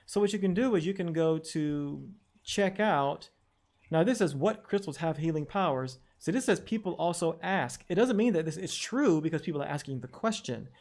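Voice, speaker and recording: Male educator, slightly high pitch, wry and skeptical, casual tutorial delivery with fillers. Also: expressive, moderate pace, darkish tone. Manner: skeptical, questioning, reads quotes aloud with wry asides; frequent fillers and restarts, chuckles at jargon. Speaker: educator explaining online research. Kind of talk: screen-share tutorial talk.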